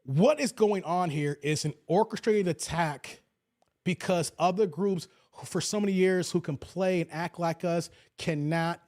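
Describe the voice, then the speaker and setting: A man in his forties from the Chicago suburbs, with a Chicago accent and a slight Kentucky twang, hosting a casual commentary stream and answering chat in an animated, laughing way. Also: high-pitched, measured pace. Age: 40s. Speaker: YouTube commentary host.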